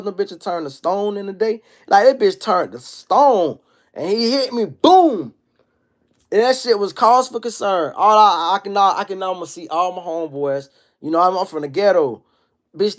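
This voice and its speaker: A man in his thirties holds forth on his livestream, slinging profanity and street slang as he spins his stories. His voice sits a bit high for a man. He tells it all with loose, animated energy. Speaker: livestream host. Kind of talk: casual livestream monologue.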